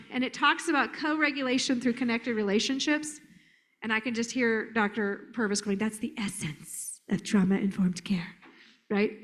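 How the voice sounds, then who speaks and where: A woman giving a live conference talk as a therapist, animated and joking, slipping into silly voices. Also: a little high.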